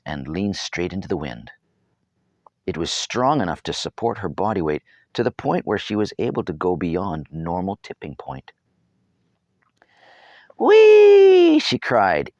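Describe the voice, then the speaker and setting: Deep-voiced guy reading his own storybook, very animated, wry jokes thrown in. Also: dry recording, clean studio sound. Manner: wry, humorous asides. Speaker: author reading his novel. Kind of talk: storybook narration.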